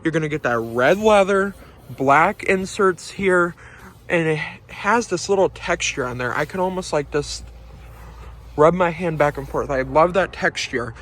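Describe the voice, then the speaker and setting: A man's voice: a little high, measured pace, fairly bright tone. A man giving a casual, upbeat walkaround review of a car, pointing things out as he talks from inside the cabin.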